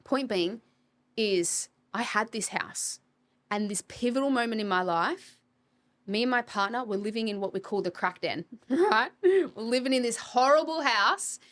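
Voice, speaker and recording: A woman's voice: fairly high pitch, moderate pace, fairly bright tone. A woman, a property coach, talking bluntly and with energy in a podcast interview, swearing casually. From Australia.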